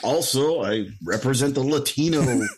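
A man from the United States talks in a relaxed podcast chat, stating his views earnestly and swearing now and then. His voice has a slightly husky, grainy edge. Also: mid-range voice, moderate pace. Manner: earnest and opinionated, profane. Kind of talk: casual chat.

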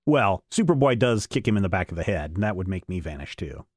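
A man's voice: deep voice, sing-song, fast, no echo, clean studio sound. A man co-hosting a casual comic-book podcast, joking and breaking into silly voices. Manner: jokey, slips into silly voices. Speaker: podcast co-host.

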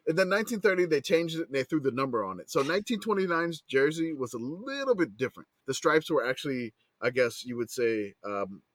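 A man hosting a casual podcast chat, excitable, swearing and laughing as he talks. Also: on the high side, brisk, few pauses, no room sound. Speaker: podcast host.

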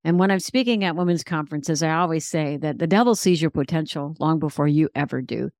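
A woman's voice: low-pitched, fairly quick, darkish tone, no echo, studio quality. A middle-aged woman, a guest author and speaker, giving a personal faith testimony in an earnest, reflective way.

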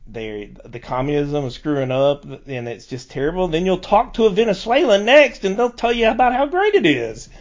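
A man's voice: sits high, big pitch swings, normal speed, few pauses. A man telling rambling stories in a casual podcast chat, stumbling and restarting often. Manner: rambling, stammering storyteller with frequent restarts. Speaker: podcast co-host. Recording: dull lo-fi podcast audio.

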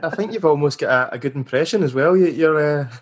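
A man's voice: fairly high pitch, fast. A Scottish man hosting a podcast, chatting in a friendly way with his guest and asking leading questions. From Scotland. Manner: friendly, laughs along, asks leading questions. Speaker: podcast host. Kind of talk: casual interview chat.

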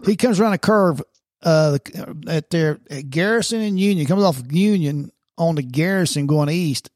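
High-voiced older man rambling. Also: normal speed, darkish tone, no echo, studio quality. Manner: rambling, stammering restarts, blunt. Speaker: former police officer, co-host. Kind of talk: casual chat.

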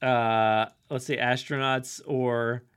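A man's voice: mid-range voice, little pitch movement, slow pace, a bit bright, clear, resonant tone. A man hosting a podcast, chatting casually and laughing often while he talks. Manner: chatty, laughing, restarts a lot. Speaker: podcast host. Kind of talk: casual chat.

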